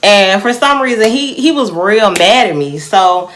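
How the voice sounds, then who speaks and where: A young woman telling a personal story to her viewers in a casual, animated way, often calling them y'all. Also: mid-range voice, measured pace, a little hiss or hum.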